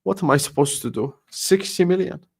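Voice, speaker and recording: A man's voice: on the high side, expressive, normal speed, creaky, breathy edge. A young man hosting a football live stream, ranting in exasperation, repeating himself and swearing.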